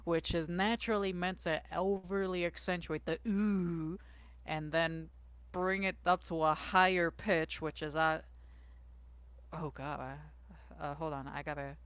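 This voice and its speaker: A man's voice: on the high side, fairly even intonation, unhurried, a bit bright, clean tone, no echo. A man playing in a tabletop game who is self-conscious and laughs at himself while setting up his character's scene. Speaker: player. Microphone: home mic on an online call.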